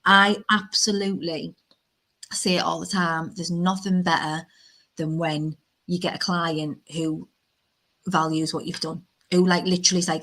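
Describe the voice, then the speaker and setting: A woman with a British accent, an insurance broker, chatting casually in a frank, animated way, her voice jumping up when she stresses a point. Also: fairly low pitch, moderate pace, slight background noise. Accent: British English. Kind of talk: casual podcast chat.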